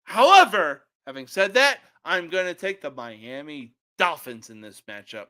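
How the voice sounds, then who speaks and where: Brief: young male sports podcaster, bright high voice, slow, swearing and shouting. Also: sing-song. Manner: profane, ranting, bursts into shouting. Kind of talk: casual opinionated sports picks.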